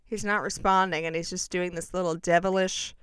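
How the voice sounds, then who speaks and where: A woman's voice: on the low side, steady tone, a little fast, fairly bright tone, clean tone, no echo, clean studio sound. A woman telling a personal story in a casual, chatty way, full of self-mocking and dramatic asides.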